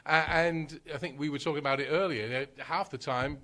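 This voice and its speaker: A man's voice: a little high, quick pace, bright, forceful tone. A man as a marketing guest on a radio show, talking casually in a studio, chatty with many fillers and restarts. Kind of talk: casual radio interview talk. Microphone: studio microphone.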